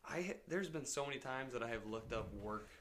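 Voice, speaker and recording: A man's voice: mid-range voice, expressive, brisk, fairly bright tone. A man from northern Michigan in crude, casual podcast banter, swearing often and laughing with his friends. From northern Michigan, USA. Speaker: podcast co-host.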